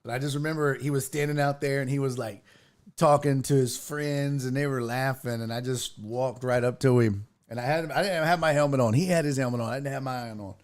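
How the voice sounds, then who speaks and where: A man at a desk mic, wearing headphones, hosts a casual sports talk livestream, swearing freely through animated stories and reading viewer chat aloud. His voice is medium in pitch and a little fast.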